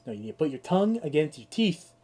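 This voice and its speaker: A man's voice: fairly high pitch, big pitch swings, fast, dark tone. A young man with a sore throat ranting and swearing through a casual live-stream of a game. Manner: ranting, exasperated, swears freely.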